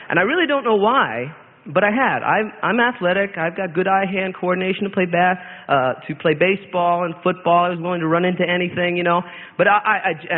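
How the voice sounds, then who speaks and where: Earnest man testifying on tinny tape. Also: high-pitched. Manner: earnest, rambling, with frequent restarts. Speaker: church member giving testimony. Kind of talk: spoken testimony in church. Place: church hall. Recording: tinny lo-fi tape in a reverberant hall.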